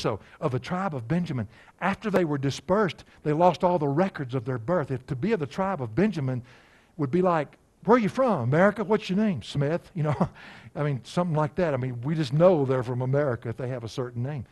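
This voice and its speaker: A man preaching an expository sermon, quizzing his listeners and slowing down to read scripture aloud. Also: on the high side. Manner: animated, asks the congregation questions, slows for scripture.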